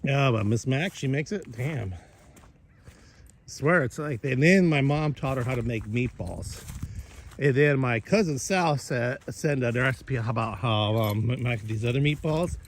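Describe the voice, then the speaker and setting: A man's voice: mid-range voice, a little slow, a little hiss or hum. A man chatting casually while he cooks, rambling and cursing, with many restarts. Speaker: vlogger and host.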